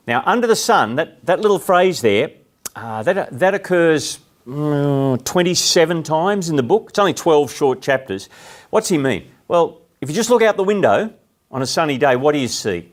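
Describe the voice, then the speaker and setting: A middle-aged Australian man speaks to a live audience in an easy, conversational way. He keeps asking his listeners questions and pauses to explain ideas. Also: fairly high pitch, very animated. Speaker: speaker giving a talk.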